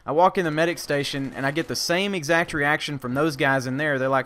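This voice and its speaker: A man's voice: a little high, steady tone, fairly quick, few pauses, fairly bright tone. A man, an army veteran vlogger, telling a casual story, rambling with many fillers and restarts and casual swearing.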